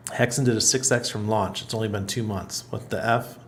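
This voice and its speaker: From his apartment in Panama, a middle-aged livestream host chats loosely and laughs a lot while reading out viewers' comments. He talks fairly quickly in a fairly low, steady voice, and there's slight background noise.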